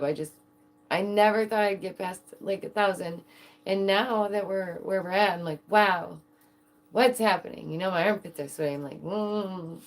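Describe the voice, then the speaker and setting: A woman streamer chatting casually to her viewers, giggling often and talking in an animated way. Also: fairly low pitch. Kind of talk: casual livestream chat.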